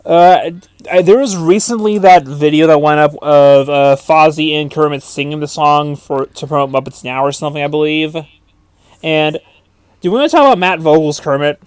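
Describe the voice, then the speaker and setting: A man's voice: on the high side, normal speed, smooth, no room sound. A young man co-hosting a casual movie commentary, chatty and wry, giving opinions with small hesitations.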